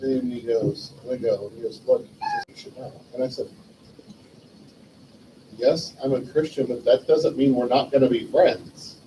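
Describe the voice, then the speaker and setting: In a noisy setting, a memorial stream host with a mid-range voice speaks at a moderate pace, delivering a rambling, heartfelt eulogy about an old friend. He's animated, playing out their past exchanges, and the distant mic picks up faint room ambience.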